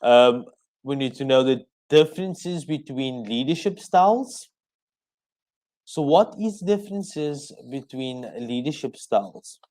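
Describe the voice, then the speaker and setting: A man from South Africa teaching an exam revision lesson on the radio, explaining slowly point by point so students can take notes. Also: mid-range voice, expressive, darkish tone, poor audio.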